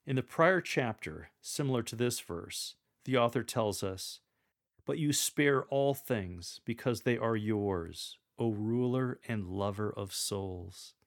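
A man coaching a lector on reading scripture aloud, speaking in a deliberate, instructive way and performing sample readings. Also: lowish voice, expressive.

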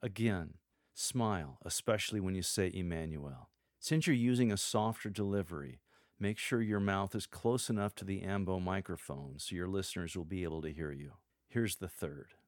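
A man coaching church lectors in a measured, scripted teaching style, reading sample lines aloud to show how they should sound. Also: low-pitched, no echo, clean studio sound.

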